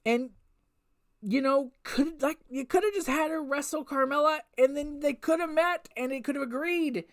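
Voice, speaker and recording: A woman's voice: high-pitched, normal speed. A woman giving a casual review of a wrestling show, ranting with exasperated rhetorical questions and frequent swearing. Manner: repetitive restarts and rhetorical questions.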